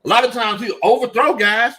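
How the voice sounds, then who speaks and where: A man's voice: very high-pitched, brisk, sharp tone, breathy edge. A man hosting a casual sports commentary livestream, reading out chat comments and joking, repeating lines for emphasis. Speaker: sports show host.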